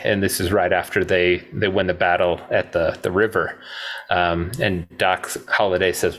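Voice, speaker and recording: A man's voice: low-pitched, flat delivery, moderate pace, a bit bright. A man co-hosting a casual movie podcast, retelling film scenes step by step and laughing often. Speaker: podcast co-host.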